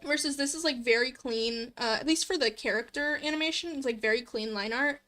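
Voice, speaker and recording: A woman's voice: sits high, brisk, sharp tone, soft background music. A young woman streaming a horror game, chatting casually, laughing often and nitpicking the art. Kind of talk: let's play commentary.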